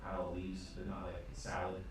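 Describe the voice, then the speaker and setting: Rambling game master in an echoey room. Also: male voice, low-pitched, completely flat delivery, fairly quick. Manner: rambling, hesitant, full of ums. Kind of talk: narrating a tabletop game. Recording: echoey room, distant mic, faint noise.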